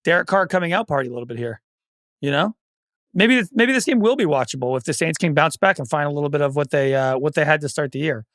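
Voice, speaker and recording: A man talking through his points in relaxed podcast chat, steady and analytical. His voice sits a bit higher than most men's. It is recorded dry and close. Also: fast talker, dry recording. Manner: analytical, builds arguments. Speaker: podcast co-host. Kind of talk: casual sports podcast chat.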